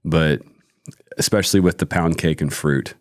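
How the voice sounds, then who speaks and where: A man hosting a relaxed podcast chat, joking with crude humor. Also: very deep voice, moderate pace, no room sound, studio quality. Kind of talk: casual chat.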